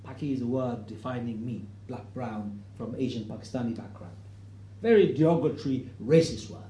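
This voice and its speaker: A middle-aged man giving a storytelling talk to an audience, acting out the quoted voices and rising to loud, emphatic points. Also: mid-range voice, roomy sound. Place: hall with an audience.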